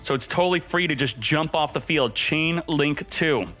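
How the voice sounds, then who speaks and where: A hyped-up man calls his card game play by play, joking and talking to himself as he goes. His voice sits a little high for a man. Faint game music plays under him. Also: normal speed, sharp tone. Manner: hyped, jokey, talks to himself while playing. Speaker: gaming streamer. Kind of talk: excited gameplay commentary.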